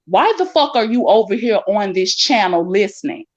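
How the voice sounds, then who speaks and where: A woman's voice: mid-range voice, animated, moderate pace. A woman with a Southern US accent arguing with a caller on a live panel, profane and confrontational, repeating her challenges. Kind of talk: heated argument on a live call panel. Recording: dull lo-fi call audio.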